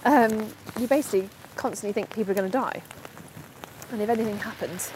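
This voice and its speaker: A woman's voice: medium pitch, brisk, darkish tone, a little hiss or hum, poor audio. A woman, a podcast host, talking in a rambling, chatty way while walking outdoors through a park in the rain, laughing at herself now and then. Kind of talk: casual spoken monologue while walking.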